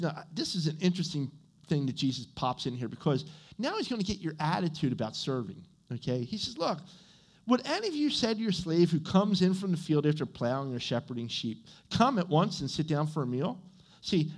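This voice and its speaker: A man pastor preaching a conversational sermon, often checking in with the congregation with "okay?" and "right?". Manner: animated, with swings in pitch and loudness. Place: church.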